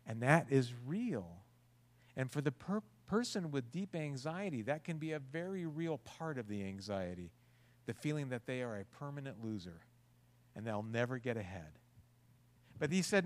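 A man's voice: mid-range voice, animated, normal speed, long reverb tail. Earnest male preacher, conversational. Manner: earnest, conversational with rhetorical questions. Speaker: pastor. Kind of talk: sermon.

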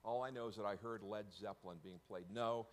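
A man's voice: on the low side, steady tone, brisk. A middle-aged man telling his personal story to an audience, often stopping to correct himself and slipping in joking asides.

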